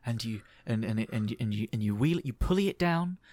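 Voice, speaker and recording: A man narrating a comedy tabletop game as game master, halting and full of fillers and restarts. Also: mid-range voice, expressive, darkish tone, no room sound.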